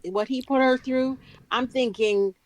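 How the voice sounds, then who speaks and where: A woman's voice: high voice, steady tone, darkish tone, poor audio. A woman co-hosting a casual rewatch podcast, reacting with emphatic comments. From United States. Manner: emphatic reactions, quick agreement. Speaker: podcast co-host.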